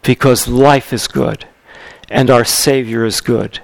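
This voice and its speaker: A man preaching a sermon in a conversational, animated way, repeating key lines for emphasis. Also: mid-range voice, takes it slowly, creaky, dry recording, poor audio. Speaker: pastor.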